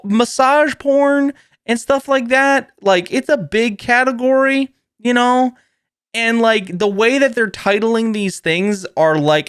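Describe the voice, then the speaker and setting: Male podcast host, rambling casual chat, fairly high voice, very lively pitch, dry close mic. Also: dry recording. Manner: rambling, heavy on "like", laughs often; animated storytelling with mimicked voices.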